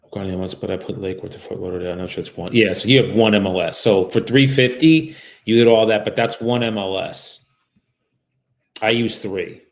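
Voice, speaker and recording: A man's voice: on the low side, fairly quick, low-quality recording. A man working as a real estate agent, cold calling on a livestream, chatting casually with viewers between calls and turning polite and friendly on the phone, often trailing off and restarting sentences. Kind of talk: live-streamed cold calling with commentary.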